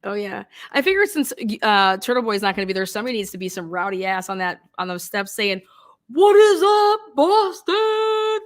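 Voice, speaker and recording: A woman's voice: medium pitch, fast talker, few pauses, fairly bright tone. Rowdy, swearing woman streamer. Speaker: true crime livestream host. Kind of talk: casual profane livestream rant.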